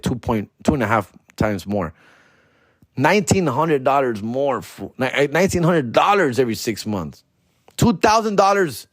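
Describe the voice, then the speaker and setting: Male comedian, casual profane storyteller with Spanish slang, mid-pitched, dry close sound. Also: no echo. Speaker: comedian podcast host.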